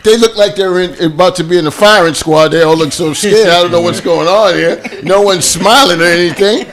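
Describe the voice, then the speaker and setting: A man's voice: sits high, a little fast, fairly bright tone. A man hosting a talk show panel, joking and bantering with his co-host.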